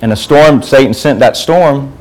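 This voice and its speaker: A man's voice: mid-range voice, normal speed, darkish tone, rough recording. A man giving an informal sermon to a youth group, talking conversationally and asking the group questions.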